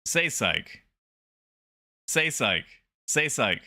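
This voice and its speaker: Bright-voiced man streaming a game. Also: medium pitch, normal speed, faint music behind. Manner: animated, yells and laughs at the game. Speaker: VTuber streamer. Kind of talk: gaming livestream commentary.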